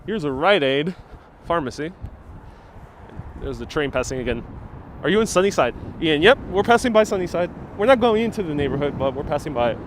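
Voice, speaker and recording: A man hosts a livestreamed walking tour on city streets, then moves inside a small discount store, playfully joking with viewers and reading their chat comments aloud. He uses a wireless clip-on mic with a phone on a gimbal, and his animated voice sits on the high side, a little fast, with slight background noise.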